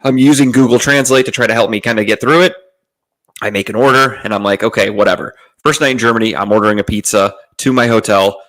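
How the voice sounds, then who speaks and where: A man's voice: fairly low pitch, steady tone, quick pace, a bit bright, rough recording. A young adult man from the United States telling a rambling, profane travel story in a laid-back way. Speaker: podcast host. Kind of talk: casual storytelling monologue.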